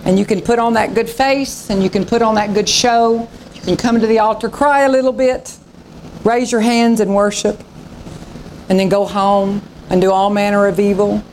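A woman's voice: medium pitch, steady tone, moderate pace, darkish tone, slight background noise. A woman pastor preaching a revival sermon, fervent and dramatic, acting out the voices of scripture.

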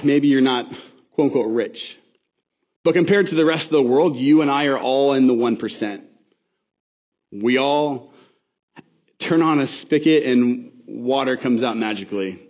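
A man's voice: medium pitch, lo-fi sound. A man preaching a sermon as pastor, in a conversational, casual manner with frequent self-corrections and asides.

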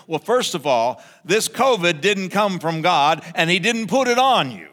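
A male pastor preaching in a church, his voice bright and forceful and pitched a little high. He talks in an animated way and acts out voices in the story. The sound rings with the long reverb of a large hall. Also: unhurried, few pauses. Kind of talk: sermon.

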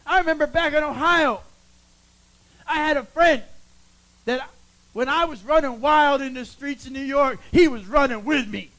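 A middle-aged pastor preaching a sermon, swinging from loud calls to hushed, quiet lines. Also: male voice, very high-pitched, moderate pace, long pauses, low-quality recording.

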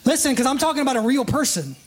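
A preacher delivering a relaxed sermon in plain conversational speech. The talk leans on "right?" and "you know", and listeners get pulled up to act out the scene. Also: high-pitched, very fast. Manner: casts listeners in live illustrations.

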